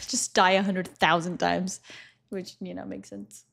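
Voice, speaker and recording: A woman's voice: fairly low pitch, little pitch movement, slow, creaky, a bit bright. A young woman livestreaming, casually telling stories to her chat, swearing freely and laughing often.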